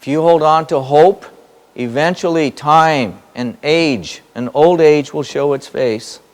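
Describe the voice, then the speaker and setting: A man's voice: fairly high pitch, unhurried. A man with a slightly raised voice delivering a spiritual teaching to a gathered audience. He drives each point with repetition and a string of rhetorical questions, speaking emphatically. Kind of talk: spoken teaching to a live audience. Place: hall in front of an audience.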